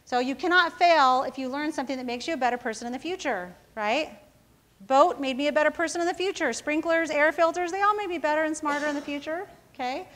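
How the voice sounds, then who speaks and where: A woman's voice: high-pitched, quick pace, fairly bright tone. A woman who founded a company, giving a casual motivational talk to students, telling self-mocking stories and often checking in with the audience. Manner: casual storytelling, often asking the audience "right?".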